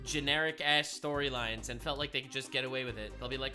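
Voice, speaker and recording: Excitable bright-voiced male reactor. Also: medium pitch, quick pace, few pauses, faint music behind. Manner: excitable, animated and profane. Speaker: reaction video host. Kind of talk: casual reaction commentary.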